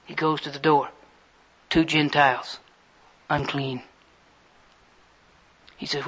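A man's voice: fairly high pitch, flat delivery, slow pace, fairly bright tone, slightly rough. A man preaching a sermon in a fervent, folksy storytelling way. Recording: slightly muffled recording.

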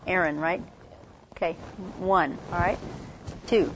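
A woman with a congested voice giving a casual workshop talk on campus ministry, chatty and quick, full of fillers and restarts. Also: on the low side, fairly even intonation, background noise. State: congested from a cold. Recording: dull lo-fi recording.

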